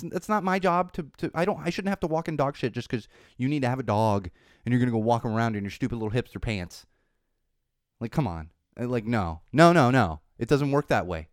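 A man's voice: medium pitch, no room sound, studio quality. A man hosting a podcast, rambling through a casual monologue that turns into an indignant rant. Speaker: podcast host. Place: Los Angeles.

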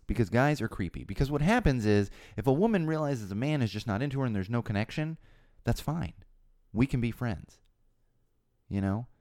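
A man hosting a casual monologue for his followers, emphatic and animated, repeating his points, his voice getting hoarse. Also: mid-range voice, a little fast, dry recording, studio quality. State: voice going hoarse. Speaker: host of a personal talk show.

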